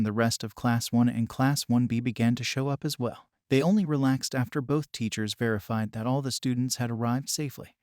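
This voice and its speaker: A man narrating a fan-written story in a steady storytelling manner. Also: medium pitch, no room sound, studio quality. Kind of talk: reading a fan story aloud.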